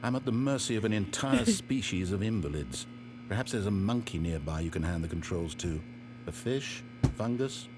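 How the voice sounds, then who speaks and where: A man's voice: lowish voice, lively intonation, normal speed, background noise, natural voice. A man voicing a pompous, sarcastic game narrator who reads out the story in a dry, mocking tone.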